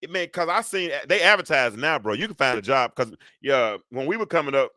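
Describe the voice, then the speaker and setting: A man in his fifties hosting a live call-in talk show, rambling and animated as he talks back to callers and chat. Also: medium pitch, brisk, no room sound, studio quality. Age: 50s. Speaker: show host.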